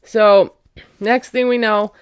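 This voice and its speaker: A woman with a smooth, clear voice chatting through a casual show recap. She talks with a sarcastic, gossipy edge, and her pitch sits in a middle range. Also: fairly even intonation, takes it slowly. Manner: chatty, sarcastic, laughs at own jokes. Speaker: recap vlogger.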